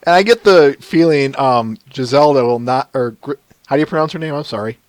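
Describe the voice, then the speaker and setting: A man's voice: fairly high pitch, expressive, normal speed, dry recording. A man hosting a podcast, chatting casually and laughing often. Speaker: podcast host. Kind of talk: casual chat.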